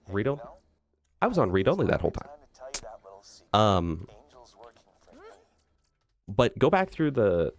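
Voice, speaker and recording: A man livestreaming a video game, ranting to his chat in a lively, mocking way. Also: low-pitched. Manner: ranting, animated, mocking impressions. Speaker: streamer. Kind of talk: live gameplay stream chat. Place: loud room.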